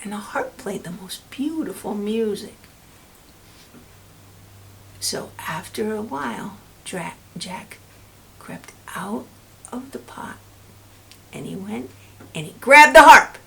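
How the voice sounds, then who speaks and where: A woman librarian reading a fairy tale to children and explaining a craft, gently checking in with them. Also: mid-range voice, expressive, slow pace, gravelly, pauses often, slight background noise. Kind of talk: children's story time reading.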